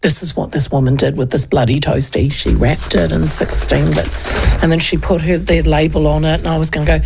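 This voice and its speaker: A woman with a New Zealand accent, a radio host telling a chatty, animated story and putting on voices for the people in it. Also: deep voice, brisk, gravelly, slightly rough. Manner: animated, chatty, acts out voices in her stories. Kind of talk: casual storytelling chat.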